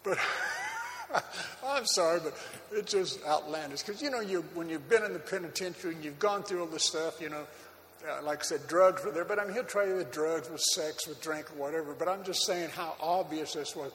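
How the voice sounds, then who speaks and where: High, bright-voiced preacher in a ringing hall. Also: male voice, moderate pace, slight background noise. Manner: animated storytelling with frequent laughter and fillers. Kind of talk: sermon with personal testimony. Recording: long hall reverb, faint background ambience.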